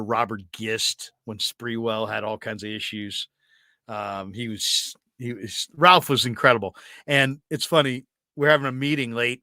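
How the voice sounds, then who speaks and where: A man hosting a sports talk show, telling animated stories in casual chat. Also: medium pitch, no echo, clean studio sound. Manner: animated storyteller, does impressions. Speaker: sports radio host.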